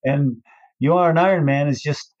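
A man's voice: normal speed, darkish tone, no room sound. An older man, a race announcer, telling a story and acting out the voices of the people in it. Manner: acts out quoted voices with big pitch swings. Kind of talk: animated storytelling. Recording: dull, dry recording.

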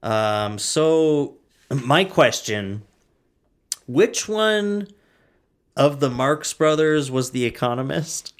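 A man's voice: medium pitch, expressive, drawn-out words, pauses often. A young man co-hosting a podcast in casual chat, joking, laughing often and trailing off mid-sentence. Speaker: podcast co-host.

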